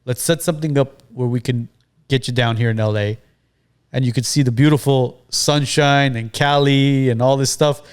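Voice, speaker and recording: Male podcast host, mid-pitched, chatty, addresses the audience directly. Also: steady tone, moderate pace, clean tone. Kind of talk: casual podcast conversation.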